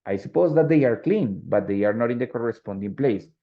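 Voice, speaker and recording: Brief: patient male English teacher, Colombian Spanish accent, gravelly low voice, dull lo-fi audio. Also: animated. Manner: patient, explains slowly, mixes in Spanish. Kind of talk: online English class.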